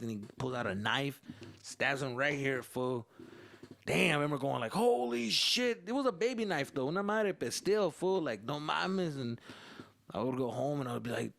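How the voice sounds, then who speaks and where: A man's voice: medium pitch, moderate pace, gravelly. Profane man telling street stories. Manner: profane, animated, acts out other voices; mixes Spanish slang into English. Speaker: podcast host. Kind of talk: casual storytelling monologue.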